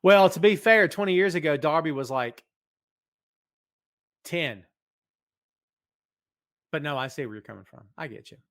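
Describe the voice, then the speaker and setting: Man, middle-aged, live podcast host, hyped, chatty, fairly high voice. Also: measured pace, long pauses. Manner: animated, hyped, talks to chat directly. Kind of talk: live wrestling podcast, reading chat. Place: home office.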